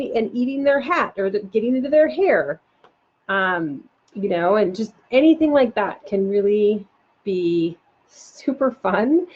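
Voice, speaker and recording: A woman parenting coach giving a live online talk, animated and chatty with many fillers. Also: lowish voice, husky. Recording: dull lo-fi sound.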